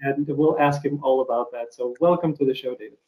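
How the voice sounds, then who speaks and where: A middle-aged man hosting an interview show, friendly and halting with lots of fillers. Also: medium pitch, muffled recording. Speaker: show host. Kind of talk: casual interview chat.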